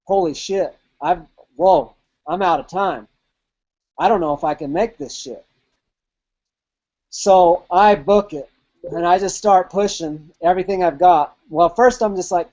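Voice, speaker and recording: A man's voice: high-pitched, normal speed, darkish tone, muffled recording. A man telling a personal race story in a casual, vivid way, with swearing and quoted inner thoughts. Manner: vivid, profane, replays his own inner voice. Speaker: podcast host.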